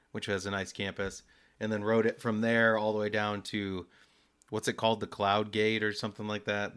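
Man, low pitch, bright forceful tone, dry banter, podcast chat. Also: clear, resonant tone. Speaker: podcast co-host. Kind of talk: casual chat.

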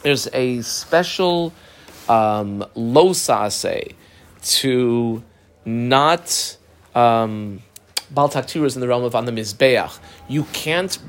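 A man's voice: medium pitch, expressive, slow. A man teaching a Talmud class, reading the Aramaic aloud and explaining it step by step, with a yeshiva-style pronunciation of Hebrew words. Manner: explains term by term, reads Aramaic then translates; uses Yiddish-influenced yeshiva pronunciation of Hebrew.

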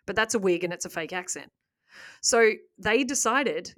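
A woman hosting a casual podcast, retelling a story with lively asides and laughs. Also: medium pitch, normal speed. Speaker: podcast host.

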